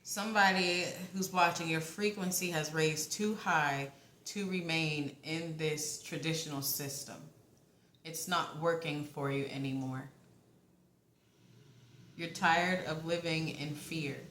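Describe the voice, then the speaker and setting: A woman doing a casual tarot reading for her viewers, chatty and quick to giggle, who keeps checking in with them. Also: low-pitched, steady tone, fairly bright tone, roomy sound, slight background noise, low-quality recording. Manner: prone to giggling. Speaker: tarot card reader.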